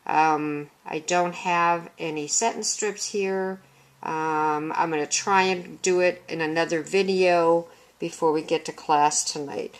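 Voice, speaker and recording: A woman's voice: lowish voice, steady tone, a little slow. A woman teacher explaining reading methods in a recorded demonstration. She reads lines from a children's book aloud as examples, recorded on a handheld video camera. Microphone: handheld consumer video camera.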